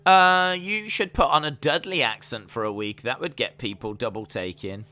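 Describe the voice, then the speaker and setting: A man's voice: mid-range voice, normal speed, sharp tone. A man hosting a live stream, chatting casually and calling the action play by play with plenty of fillers. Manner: chatty, rambling, trails off with fillers.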